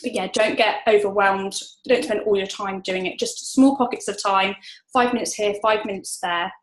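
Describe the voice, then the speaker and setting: A woman's voice: medium pitch, fairly even intonation, moderate pace, low-quality recording. A woman gives casual advice from home. She talks in an upbeat, chatty way, with plenty of fillers and restarts. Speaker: interviewee, network marketer. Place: home room.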